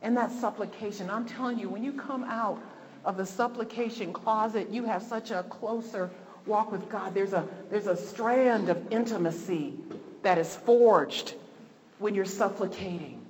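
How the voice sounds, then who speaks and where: A woman preaches with fervent, repetitive emphasis, her voice sitting at an ordinary middle pitch. The sermon rings with a long hall reverb, and a faint noise sits underneath it. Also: normal speed, darkish tone.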